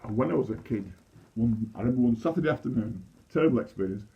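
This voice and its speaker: A man's voice: mid-range voice, lively intonation, fast, muffled recording. A man in his sixties with a Yorkshire accent, doing a chatty, self-deprecating stand-up comedy monologue full of restarts. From Leeds, England. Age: 60s. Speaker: amateur comedian.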